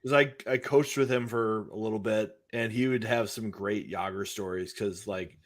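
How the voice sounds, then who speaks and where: A man's voice: lowish voice, fairly even intonation, normal speed. A man hosting a podcast, chiming in with short reactions and questions. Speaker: podcast host. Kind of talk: casual chat.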